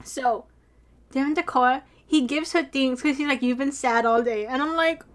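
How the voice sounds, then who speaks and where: A young woman casually recapping drama episodes with a friend, animated, swearing freely and acting out her own reactions. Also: sits high, normal speed. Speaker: podcast co-host.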